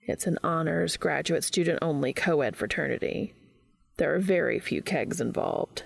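A woman's voice: deep voice, normal speed, vocal fry, husky, voice pushed down, full character voice. A woman voicing a reserved, dry-witted male professor in a storybook reading. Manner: dry, deadpan.

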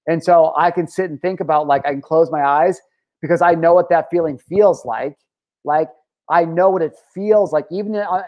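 Talking to camera in a casual personal vlog, a man in his 30s rambles emotionally and keeps restarting his sentences. His voice is a little high, and the recording has its highs cut off.

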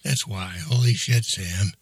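A man's voice: on the low side, measured pace, vocal fry, slightly rough, no echo, heavily acted. A man doing a crude, grumbling young slob. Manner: crude, grumbling, swears a lot. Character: crude, impatient young man always craving snacks.

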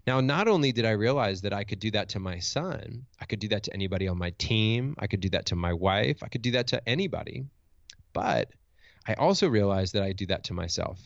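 A man's voice: on the low side, lively intonation, fairly quick, gravelly, dry recording, muffled recording. A man who works as a motivational speaker and coach, telling a personal story in a reflective, candid way, thinking aloud with restarts and asking "right?" as he goes.

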